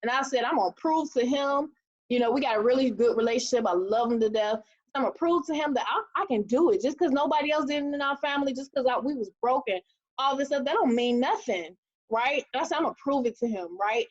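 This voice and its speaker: High-voiced woman leading a webinar. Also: fast. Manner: animated, preachy, acts out quotes in a high voice. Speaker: team leader. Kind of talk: motivational webinar talk. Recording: dull lo-fi webinar audio.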